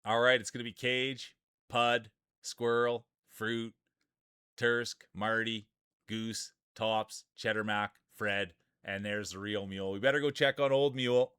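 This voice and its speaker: Male stream host calling marble races, jokey and excitable, dry close sound. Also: lowish voice, measured pace, clear, resonant tone, no echo. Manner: jokey, excitable, laughs often while talking. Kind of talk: casual live-stream commentary.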